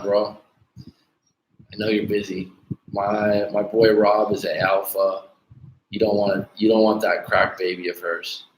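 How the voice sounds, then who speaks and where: Casual male livestream coach, blunt and profane, slightly low voice, faint noise behind him. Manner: blunt, profane, casual, calls viewers dude. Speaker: dating coach livestream host. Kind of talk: casual livestream chat reading viewer comments. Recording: echoey room with faint background noise.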